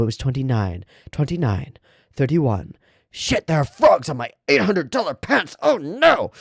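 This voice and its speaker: A man's voice: mid-range voice, darkish tone, no room sound, clean studio sound, pitched below the performer's own voice. A man voicing a panicking middle-aged male priest who mutters prime numbers under his breath, in a dramatic manga read-aloud.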